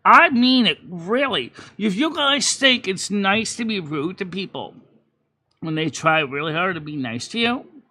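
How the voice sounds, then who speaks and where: A man's voice: high voice, measured pace. A man hosting a casual monologue video, talking in a heated, profane way and acting out the people in his stories. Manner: heated, profane ranting that flips into quoted voices; animated storyteller, swings from loud outbursts to quiet earnest talk. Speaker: channel host.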